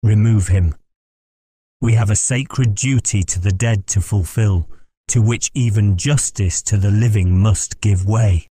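A man's voice: lowish voice, a little slow, warm tone, husky, no echo. A man voicing a stern, commanding young lord. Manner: commanding, formal. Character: stern young male gentleman heir giving orders.

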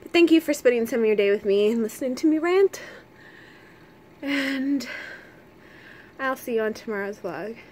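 Woman vlogger, worn-out and chatty, rambling daily update, voice sits a touch high. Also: expressive, moderate pace, long pauses, darkish tone, a little hiss or hum. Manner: rambling, chatty, plain-spoken. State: tired and fatigued. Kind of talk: casual daily vlog chat.

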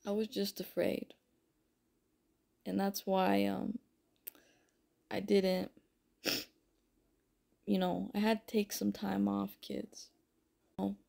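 A woman's voice: mid-range voice, creaky, warm tone. A woman telling her personal spiritual story to viewers in a rambling, emotional way, calling them folks and honey. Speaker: spiritual content creator. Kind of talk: personal testimony vlog.

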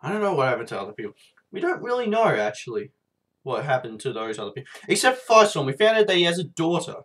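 A man with a somewhat high voice talks through a TV episode at home, his throat sore and his nose blocked. He rambles, loses his thread, and swears casually between fillers. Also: big pitch swings, quick pace, a bit bright. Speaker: TV episode reviewer.

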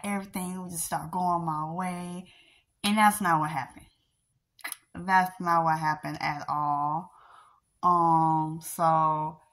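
A woman's voice: mid-range voice, fairly bright tone. A young woman venting to her viewers about a rejection, rambling with sighs, trailing off and nervous laughs. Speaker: vlogger. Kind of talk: emotional rant to camera.

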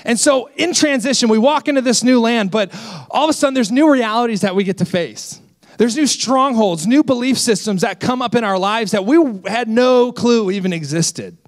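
A man in his twenties, a senior associate pastor, preaching a sermon with lively self-deprecating stories. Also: very high-pitched, normal speed. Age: 20s. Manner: energetic, storytelling with self-deprecating humor.

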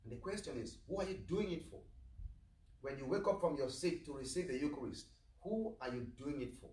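Earnest priest preaching in an echoey chapel. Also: male voice, fairly high pitch, animated, brisk, a little mellow. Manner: plain, earnest, asks the flock questions. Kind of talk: sermon. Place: chapel of a medical center. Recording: echoey chapel, mic far off.

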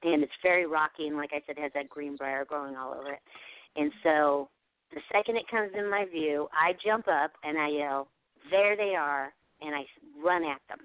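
Woman guest, casual animated storyteller, tinny phone-line audio. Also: deep voice, a little fast, smooth, no echo. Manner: animated, acts out quoted dialogue. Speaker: guest telling an encounter story. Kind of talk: casual storytelling on a radio show.

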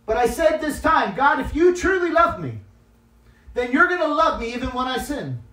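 A guest preacher with a high, sing-song voice delivers a sermon at normal speed, sinking into soft, tearful-sounding confession before rising into loud, emphatic exhortation. The distant mic in an echoey church hall makes his voice ring through the room.

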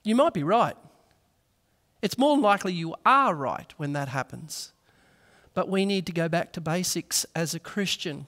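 Pastor, man, high bright tone, earnest sermon in a reverberant church hall. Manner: earnest storytelling, acts out voices in anecdotes.

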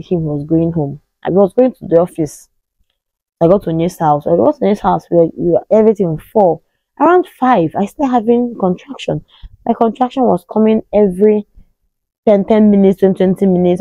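A woman's voice: lowish voice, dark tone, no echo, rough recording. A Nigerian woman in her thirties with a Nigerian accent, telling a personal story to the camera in a casual way and acting out the voices of the people in it. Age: 30s. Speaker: vlogger.

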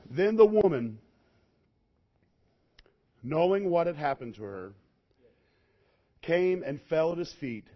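A male preacher with a high-pitched voice tells his story with great animation. He swings from loud bursts down to quiet, hushed passages. The recording is dull and lo-fi, as if taken from a church sound system. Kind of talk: sermon.

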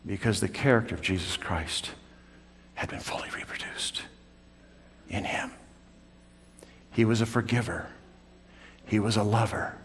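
A man's voice: lowish voice, normal speed, long pauses, a little hiss or hum. Man preaching a dramatic sermon. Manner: dramatic swings from loud calls to hushed whispers. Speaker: pastor. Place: church sanctuary. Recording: long church hall reverb.

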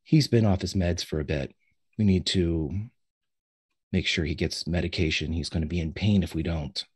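A man's voice: low-pitched, normal speed, darkish tone, slightly rough. A man voicing a brusque, businesslike male hospital orderly in a tabletop game. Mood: curt. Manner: curt and businesslike.

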